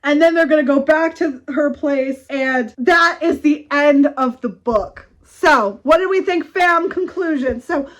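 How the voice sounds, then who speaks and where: A woman doing a casual rant review of a book, sarcastic and quick to laugh, reading passages aloud mockingly and swearing now and then. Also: high voice. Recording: dull lo-fi sound.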